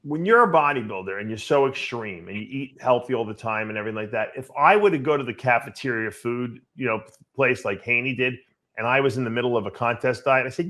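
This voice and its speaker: Male podcast co-host, middle pitch, chatty and animated, stumbling over words. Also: quick pace. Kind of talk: casual chat.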